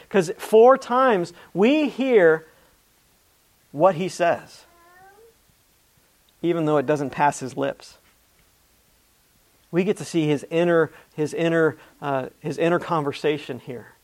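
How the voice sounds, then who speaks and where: A man's voice: a little high, a little mellow. A man preaching a sermon, reading scripture aloud with earnest emphasis and often restarting his phrases. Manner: repeats words and restarts mid-phrase.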